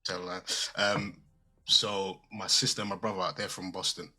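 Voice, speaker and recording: A man's voice: low-pitched, level tone, unhurried, bright, forceful tone, faint music behind. A man hosting a casual chat, reading out fan questions and teasing his guest with frequent laughter. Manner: playful, laughs often, teasing.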